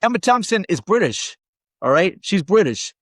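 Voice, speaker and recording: A man's voice: high-pitched, very animated, moderate pace, dry recording. A man from Minnesota giving a rambling, casual movie review, often checking in with "all right?" and getting worked up at times. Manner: rambling and conversational, keeps tagging lines with "all right?"; gets worked up and exasperated.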